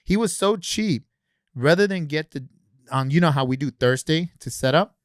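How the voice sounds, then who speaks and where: Animated man telling a story. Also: a little high, moderate pace, no echo, clean studio sound. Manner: animated storyteller, acts out quoted dialogue. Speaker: guest, convention organizer. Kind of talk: casual podcast storytelling.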